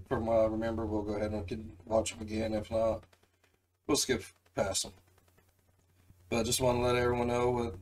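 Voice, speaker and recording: A man's voice: medium pitch, poor audio. A man hosting a reaction video, chatting casually and joking with lots of fillers.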